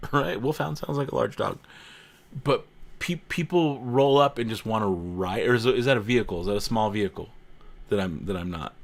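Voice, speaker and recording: This man hosts a casual livestream in a lowish voice with vocal fry, speaking at a moderate pace. He chats with his viewers, reads their comments, cracks jokes, laughs a lot and says things more than once.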